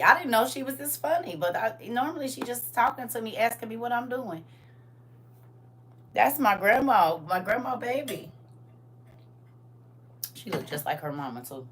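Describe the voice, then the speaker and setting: Woman, grandmother, casual livestream chat, sassy, talks straight at viewers, bright forceful tone. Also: medium pitch, a little hiss or hum. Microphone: phone.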